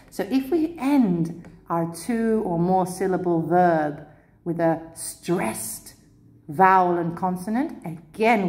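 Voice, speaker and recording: Woman teacher w lowish voice going thru spelling rules, patient, clear. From Cyprus. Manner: clear, patient explaining with lively emphasis. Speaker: English teacher. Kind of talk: grammar lesson.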